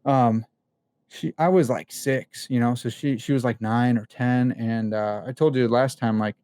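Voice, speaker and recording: A man's voice: medium pitch, unhurried, smooth, dry recording, studio quality. Candid, slangy young man telling stories. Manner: candid, animated storytelling with slang and fillers. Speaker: podcast guest. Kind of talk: casual conversation.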